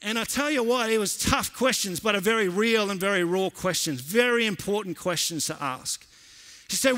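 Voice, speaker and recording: Man, pastor, high bright voice, earnest sermon delivery that swells with passion. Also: expressive, moderate pace. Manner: earnest storytelling, building to impassioned emphasis. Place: church auditorium, preaching live to a congregation.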